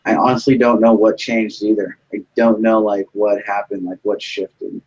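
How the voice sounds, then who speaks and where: A man's voice: fairly low pitch, level tone, moderate pace, darkish tone, breathy edge, lo-fi sound. A young man rambling through a story in casual chat, full of fillers and swearing.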